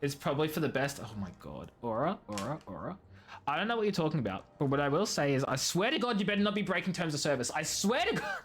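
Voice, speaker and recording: A twenty-something streamer talks to chat in a lively voice that swings up and down in pitch. They rant with energy and mock themselves, using "fudging" in place of swears. Faint game music plays behind. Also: fast talker. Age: 20s. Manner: animated ranting, swaps swears for "fudging"; talks to chat by name, self-mocking. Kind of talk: casual live-stream chat while gaming.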